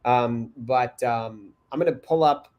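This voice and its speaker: A man hosting a parenting talk show, speaking casually and haltingly, repeating words as he goes. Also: medium pitch, highs cut off. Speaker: podcast host.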